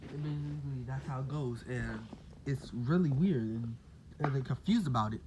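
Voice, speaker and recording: A man's voice: mid-range voice, moderate pace, noisy background. A man casually telling a made-up fan story, rambling with lots of "like" and "basically".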